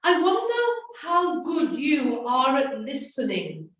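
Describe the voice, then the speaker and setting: A woman leading a children's school assembly, giving slow, gentle instructions. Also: high-pitched, wildly swooping pitch. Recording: echoey room from far off.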